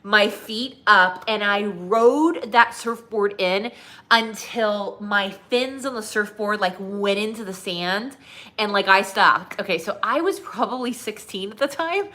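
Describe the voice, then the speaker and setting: A woman weight loss coach tells her own story in a loose, chatty way, full of little fillers. Her voice sounds bright and clear, sitting in a middle pitch for a woman. She is from Southern California. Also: moderate pace. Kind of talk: personal storytelling.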